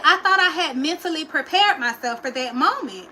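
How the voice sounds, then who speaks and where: A young woman tells her own story on a livestream in an emotional, chatty way and keeps turning to her viewers. Her voice sits high and rings bright. Faint noise hums under her talk. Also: animated, moderate pace, rough recording. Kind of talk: casual personal storytelling.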